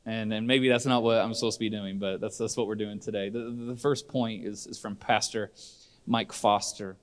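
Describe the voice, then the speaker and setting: A man's voice: on the low side, fairly even intonation, moderate pace. A middle-aged man preaching a sermon in church, earnest and conversational, often restarting his sentences. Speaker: pastor.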